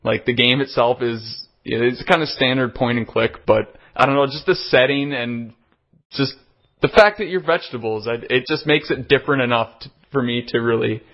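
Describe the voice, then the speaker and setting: A man's voice: mid-range voice, moderate pace. A man co-hosting a podcast, talking casually with many restarts and the odd swear word. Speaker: podcast co-host. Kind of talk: casual chat. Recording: dull lo-fi audio.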